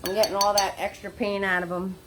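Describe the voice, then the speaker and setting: A woman's voice: medium pitch, little pitch movement, brisk, noisy background. A woman leading a live online painting class from her home, chatty and encouraging, laughing often and greeting viewers by name. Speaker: paint party instructor. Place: her home studio, indoors. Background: faint background music.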